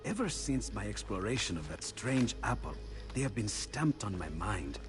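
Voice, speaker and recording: An actor playing an older Renaissance inventor, gentle, musing and absent-minded. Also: male voice, lowish voice, big pitch swings, normal speed, over music. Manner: gentle, musing, enthusiastic about his research.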